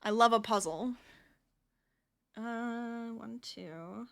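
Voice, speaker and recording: A woman's voice: fairly high pitch, drawn-out words, gravelly. A woman streaming live while she crochets, chatting and laughing with her viewers and counting stitches under her breath.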